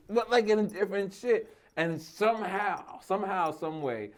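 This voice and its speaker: A man from Queens, New York, talking as an interview guest in an excitable, emotional way and laughing often. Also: sits high, moderate pace. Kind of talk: casual interview chat.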